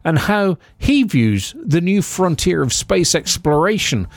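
A man's voice: high-pitched, very animated, gravelly, dry recording, clean studio sound. A man hosting a podcast, reading a scripted introduction and then asking questions politely with frequent uhs. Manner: polite, halting with uh and um when asking. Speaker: podcast host.

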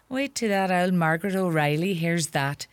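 A woman acting out a bossy, sharp-tongued Irish farm mother in middle age, scolding and fussing in a lilting, lively voice. Her Irish accent is thick. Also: lowish voice, unhurried, a little hiss or hum. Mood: teasing. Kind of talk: comedy sketch acting.

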